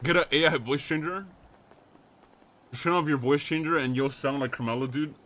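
A man's voice: a little high, normal speed, fairly bright tone. A young man streaming, talking casually and reading chat aloud, incredulous and joking with plenty of swearing.

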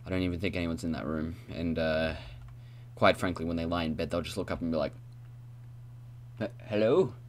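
A man's voice: sits low, flat delivery, fast talker, slight background noise. A man casually commentating while playing a video game on a headset mic, rambling and talking to himself with silly noises. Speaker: gamer playing an adventure map. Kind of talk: casual let's-play commentary.

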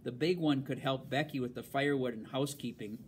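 A man's voice: medium pitch, a little fast, a little hiss or hum, natural voice. Cold colonial lady of the house, clipped orders, haughty, read by a man. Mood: cold, commanding. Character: stern, haughty colonial mistress.

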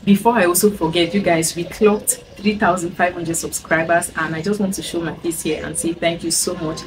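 A woman from Cameroon in her thirties, chatting bubbly and fast while she cooks at home for her vlog. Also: on the low side, fairly even intonation. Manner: bubbly and chatty, often bursting into song. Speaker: cooking vlogger. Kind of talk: casual cooking chat. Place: home kitchen. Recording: distant mic with clear background noise.

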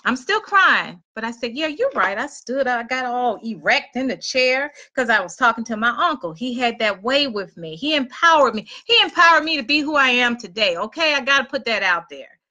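A middle-aged woman with a high, bright voice tells her own story. She speaks to her listeners in an animated, preaching way. She moves into other voices as the story calls for them. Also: moderate pace, few pauses. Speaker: motivational speaker. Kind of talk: storytelling talk.

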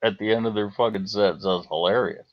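A man's voice: lowish voice, fairly quick. A Canadian man chatting on a livestream, rambling, swearing freely and answering his chat. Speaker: livestream host. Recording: slightly dull lo-fi stream audio.

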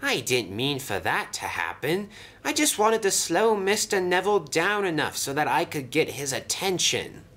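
A man's voice: big pitch swings, normal speed, fairly bright tone. A man voicing a polite, fretful little male brake van in a toy train story. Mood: fearful. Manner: anxious, very polite, high and breathy.

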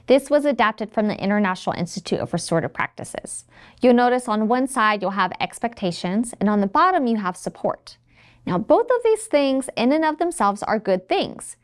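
A woman's voice: fairly high pitch, very animated, normal speed. A woman in her thirties giving scripted, friendly instructional narration for a teacher training video. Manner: friendly, acts out quoted phrases. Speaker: trainer for educators.

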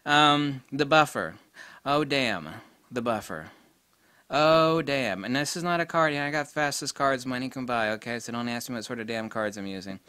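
A middle-aged man giving a casual spoken camera review, blunt and excitable, with mild swearing. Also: mid-range voice, a little fast, clear, resonant tone, dry recording.

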